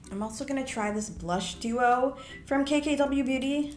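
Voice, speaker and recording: A woman's voice: high-pitched, moderate pace, darkish tone, reverberant, slight background noise. Chatty young woman vlogging at home. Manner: chatty and playful, breaks into sing-song bits. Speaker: beauty vlogger. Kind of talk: casual get-ready-with-me chat. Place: home room.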